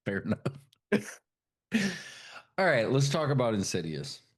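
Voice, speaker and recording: A man with a fairly low voice co-hosts a podcast in loose, rambling chat. He swears freely and laughs often as he talks. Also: sing-song, a little slow. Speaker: podcast co-host. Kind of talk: casual chat.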